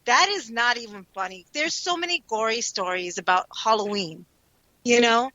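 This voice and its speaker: A woman co-hosting a talk radio show tells stories in an animated, expressive way. Her voice is bright and high, and it swings widely in pitch. The recording is dry and close, with a dull lo-fi tone. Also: normal speed, no echo. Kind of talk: casual chat.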